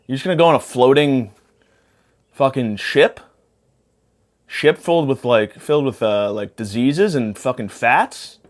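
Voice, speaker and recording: Here the young podcast host speaks at a medium pitch, animated yet unhurried, pausing often. He's spacey after a panic attack, and his comedic monologue is profane, meandering, and full of topic jumps.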